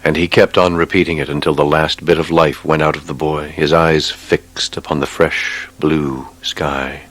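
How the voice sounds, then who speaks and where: A man narrating a war novel audiobook in a measured, grave way. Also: very deep voice, level tone, fairly bright tone.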